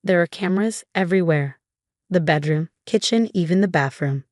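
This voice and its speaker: A woman's voice: on the low side, moderate pace, darkish tone, no room sound, studio quality, natural voice. A woman reading a nervous whispering woman.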